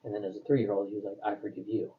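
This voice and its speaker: A man's voice: lowish voice, flat delivery, racing, phone-quality sound, over a noisy crowd. A young man and podcast co-host, talking casually and rambling through stories with lots of fillers. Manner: rambling, filler-heavy storytelling. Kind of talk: casual chat.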